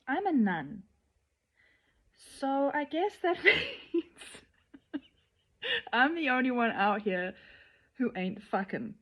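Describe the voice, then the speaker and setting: A woman speaking candidly to camera about her life as a nun, playful at times and earnest, sometimes dropping to a soft whisper. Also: a little high. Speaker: tantric nun sharing her journey. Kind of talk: personal vlog to camera. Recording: slightly dull, lo-fi sound.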